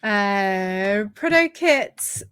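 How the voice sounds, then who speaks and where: A woman chatting casually as a guest, self-deprecating and quick to laugh. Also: mid-range voice, expressive, a bit bright, clear, resonant tone, dry recording, studio quality. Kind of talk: casual chat.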